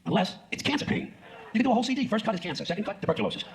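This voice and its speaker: A man's voice: high-pitched, expressive, very fast, a little hiss or hum. A man performing a stand-up routine on stage, ranting in a profane, sarcastic way. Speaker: stand-up comedian. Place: stage in front of an audience.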